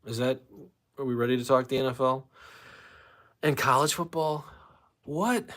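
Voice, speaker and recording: At normal speed and medium pitch, with a slightly bright tone, a man from St. Louis, USA, hosts a laid-back livestream. He rants with lots of profanity and reads chat comments out loud.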